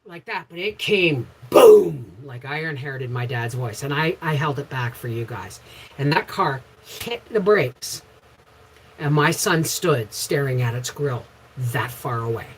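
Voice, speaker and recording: A middle-aged woman hosting a casual livestream, chatting with viewers and telling frank, rambling stories with sudden loud bursts. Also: very deep voice, lively intonation, unhurried, a little hiss or hum, low-quality recording. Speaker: homestead channel host.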